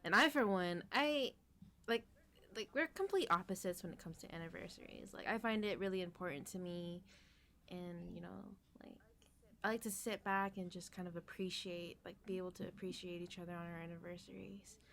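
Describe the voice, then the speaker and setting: A woman with a fairly low voice, chatting casually on a podcast. She rambles with lots of fillers, and her lines often trail off into near-whispers. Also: brisk, fairly bright tone. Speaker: podcast guest. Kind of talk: casual chat.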